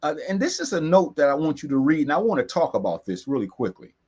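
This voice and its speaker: An emphatic man in co-hosts a serious talk, voice pitched high. He drives points home by repeating key phrases slowly. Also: very animated, darkish tone, slightly rough. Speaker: co-host. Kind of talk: earnest discussion.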